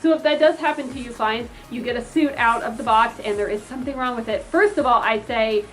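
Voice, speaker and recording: A woman's voice: a little high, a little fast, faint music behind, poor audio. A young woman who makes fursuits, giving chatty advice to customers and pleading with them while acting out the messages they might send. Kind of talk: casual advice vlog.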